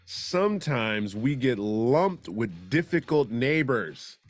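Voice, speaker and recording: A man's voice: medium pitch, big pitch swings, takes it slowly. A man hosting a comedy news show, reading odd stories and breaking off for sarcastic, wisecracking asides. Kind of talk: joking news commentary.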